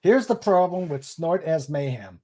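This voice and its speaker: A man hosting a casual livestream, chatting and reading viewer comments aloud in an unhurried way. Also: on the high side, animated, darkish tone. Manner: unhurried, chatty, laughs at jokes. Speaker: livestream host.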